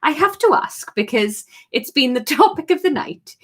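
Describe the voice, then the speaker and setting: A woman's voice: high-pitched, very animated, normal speed, a bit bright, voice pushed up. A woman reading as prim polite landlady Kate. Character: polite young woman interviewing a flatmate.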